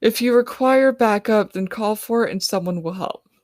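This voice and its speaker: Woman reading as a hushed young team leader. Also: medium pitch, no echo, studio quality, pitched above the performer's own voice, close to an everyday voice. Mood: urgent. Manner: hushed, hurried orders. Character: young female team leader, quick-thinking.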